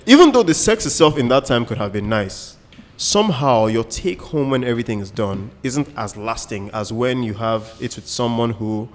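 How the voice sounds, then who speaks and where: A man's voice: mid-range voice, lively intonation, normal speed, hardly any pauses. Man musing in a reverberant room. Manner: explains with examples and asides. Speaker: co-host. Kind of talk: casual podcast chat.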